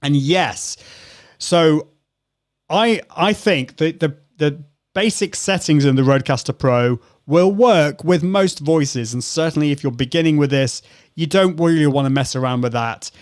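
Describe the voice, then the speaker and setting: A man's voice: fairly high pitch, unhurried. Chatty male live-stream host. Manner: chatty, thinks aloud, reads viewer comments. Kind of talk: live-stream audio demo with chat.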